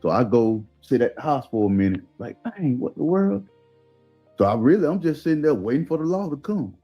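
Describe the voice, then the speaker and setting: Speaking quickly in a mid-range voice, a male guest with a Southern Georgia accent recounts something that happened to him, casually voicing the other people in the story. The recording sounds muffled, and faint music can be heard underneath.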